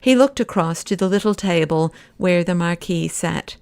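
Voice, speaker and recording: A woman narrating a classic novel as an audiobook reader, in a measured, even storytelling manner on a close mic. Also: fairly low pitch, clean tone, dry recording.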